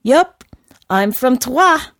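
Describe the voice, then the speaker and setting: A woman voicing an excitable, drunken male horse who speaks in broken English. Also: a little high, slow, no room sound, studio quality, voice pushed up. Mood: excited.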